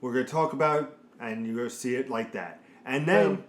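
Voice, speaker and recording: A man's voice: mid-range voice, animated, fairly quick. A man co-hosting a casual gaming talk show, rambling and laughing as he tells stories. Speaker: podcast co-host. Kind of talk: casual chat. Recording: echoey room.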